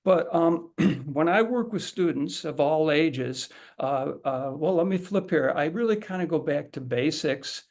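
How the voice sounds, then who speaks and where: Gravelly-voiced middle-aged male teacher. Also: fairly high pitch, expressive, measured pace, few pauses, darkish tone. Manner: conversational, repeats words and restarts, demonstrates aloud. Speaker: haiku teacher leading a workshop. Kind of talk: casual instructional talk to an audience.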